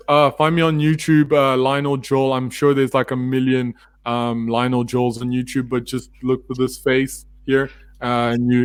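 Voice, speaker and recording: A man chatting as a guest on a podcast call, his voice sitting in a middle register. He rambles warmly through fillers and restarts, and the sound is dry and close with no room to it. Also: medium pitch, smooth, no room sound. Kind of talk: casual chat.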